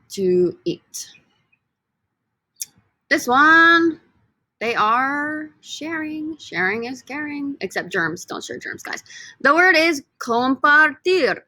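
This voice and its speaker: A woman's voice: on the high side, pushed and bright, no room sound. A woman teaching a Spanish vocabulary lesson with repeat-after-me drills, playful and upbeat, joking with her students.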